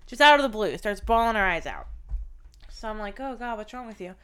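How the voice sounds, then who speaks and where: A woman's voice: mid-range voice, animated, fairly quick, fairly bright tone, smooth. A woman co-hosting a podcast, telling a profane, blunt story in casual chat. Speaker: podcast co-host.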